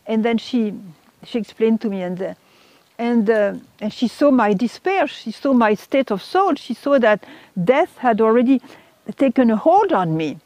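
A middle-aged woman telling an emotional personal testimony, halting and repeating words, her voice rising when she quotes others. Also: a little high, lively intonation, a little mellow, no room sound. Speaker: speaker giving a testimony. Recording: dull lo-fi recording.

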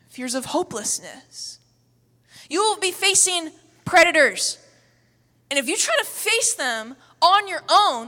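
A woman preacher giving a sermon with energetic, humorous, emphatic storytelling. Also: sits high. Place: church hall. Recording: echoey hall.

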